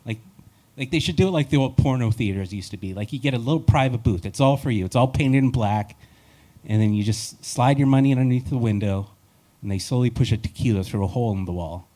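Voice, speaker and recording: A male comedian works through a live stand-up set in a wry, rambling way. He pokes fun at himself with a relaxed, self-deprecating delivery. His voice sits at an ordinary middle pitch. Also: fast.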